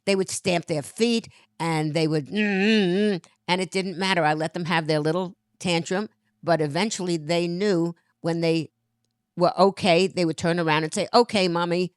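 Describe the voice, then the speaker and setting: A woman's voice: lowish voice, steady tone, moderate pace, clean tone, dry recording, clean studio sound. A woman in her nineties giving patient, motherly advice in a casual chat. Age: 90s. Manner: motherly, patient, gently instructive.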